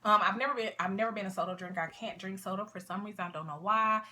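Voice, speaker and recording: A woman's voice: mid-range voice, racing, bright, forceful tone. A young woman vlogging casually to camera, chatty and rambling, with a sniffle. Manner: chatty, rambling, lots of fillers and asides.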